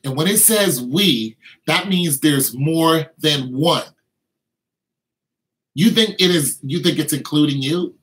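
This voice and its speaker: An emphatic man delivering an informal sermon. His voice sits a little above the usual male pitch. He repeats points and slips into imitations of tempting voices, with phrasing. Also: slow pace, fairly bright tone, rough recording. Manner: emphatic, repetitive, acts out tempting inner voices. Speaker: preacher.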